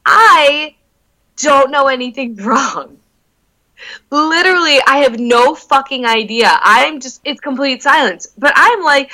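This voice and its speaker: A young woman chats candidly, her bright voice sitting a little high. She rambles through stories with filler words, swearing and quick asides. It sounds like casual talk between friends. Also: rough recording. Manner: animated retelling with quick asides. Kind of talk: casual storytelling chat.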